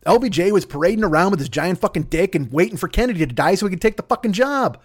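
A man tears through a profane comic rant, his voice sitting high. He jumps between asides and mock outrage without pausing. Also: expressive, breathy edge. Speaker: podcast host.

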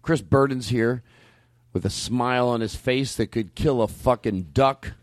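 A man's voice: medium pitch, unhurried. A man hosting a comedy show in a studio, bossing people around with mock authority, shushing and laughing between lines. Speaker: podcast host. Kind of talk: comedic banter.

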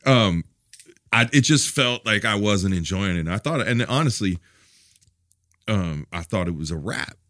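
A middle-aged man tells stories as a guest in a candid interview, swearing casually, restarting his sentences haltingly and acting out other people's lines in a loose, profane manner. His voice is fairly low pitched, animated and fairly bright. The recording is dry and studio quality.

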